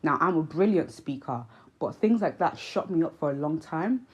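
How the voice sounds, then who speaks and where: A young woman vlog host with a Nigerian accent touched by British speech, talking to camera in an earnest, reflective way with many pauses and ums. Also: low-pitched, expressive, a little mellow, breathy edge, highs cut off. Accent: Nigerian with British influence. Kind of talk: casual commentary to camera.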